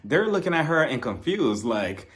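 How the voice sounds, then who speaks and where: A man recaps a reality TV episode as casual, gossipy chat. His delivery is sassy and animated, and his pitch swings widely from line to line. He laughs often as he goes. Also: normal speed.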